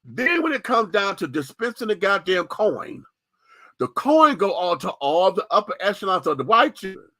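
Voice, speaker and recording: Man, radio host, sassy and profane, swooping lively pitch, dry close sound. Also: normal speed, no room sound. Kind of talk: candid opinion monologue.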